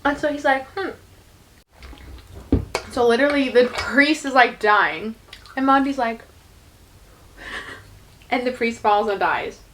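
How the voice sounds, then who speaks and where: A young woman retells a story in a loose, chatty way, scattering "like" and quoted lines. Her voice sits a little on the high side. A faint hiss runs underneath. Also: unhurried, long pauses, a bit bright. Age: young adult. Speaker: YouTuber retelling a musical's plot. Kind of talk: casual chat.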